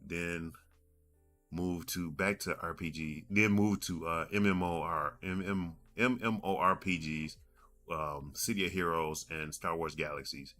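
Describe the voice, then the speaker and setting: A man in his forties hosts a gaming podcast, his deep voice fairly even in intonation, a little slow, pushed and bright, with faint music behind. His story rambles in a casual monologue as he doubles back and repeats himself.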